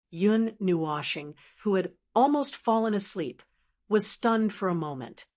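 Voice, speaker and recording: A woman reads a fantasy audiobook aloud in a steady, even narration. Her voice sits at a plain middle pitch and keeps an unhurried storytelling flow. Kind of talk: scripted narration.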